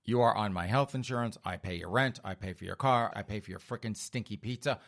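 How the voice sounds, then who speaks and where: A man's voice: lowish voice, brisk, vocal fry, a bit bright. A man voicing a weary, exasperated middle-aged father in a comedy bit. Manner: dry, exasperated.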